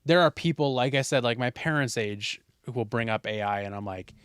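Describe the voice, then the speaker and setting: Animated young man, opinionated podcast co-host. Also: mid-range voice, brisk, clear, resonant tone, dry recording, studio quality. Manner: animated, opinionated, frequent swearing and fillers. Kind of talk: casual chat.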